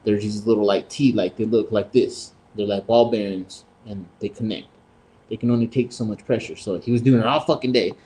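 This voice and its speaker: On a casual podcast, a male co-host tells a family story, cursing freely and slipping into the voices of his relatives. His voice is on the low side, the delivery profane, animated and a little fast.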